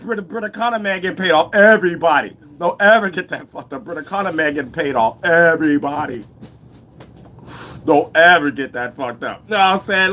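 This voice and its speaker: Animated man with a bright, forceful voice. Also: a little high. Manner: animated, laughing, fast-talking street slang. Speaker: host. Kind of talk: casual monologue.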